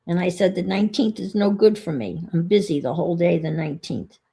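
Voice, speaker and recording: A woman's voice: fairly low pitch, steady tone, a little fast, creaky, dark tone. A woman chatting casually on her vlog, telling an exasperated story and thinking aloud as she works on a craft. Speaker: vlogger. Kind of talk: casual chat while crafting.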